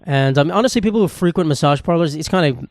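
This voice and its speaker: A man talks solo into a podcast mic, ranting profanely and looping back on himself with many restarts. His voice sits a little higher than usual for a man. The sound is close and dry. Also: animated, quick pace, a little mellow, no room sound. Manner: profane, rambling rant with restarts. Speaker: podcast host. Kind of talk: casual comedic monologue. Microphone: podcast microphone.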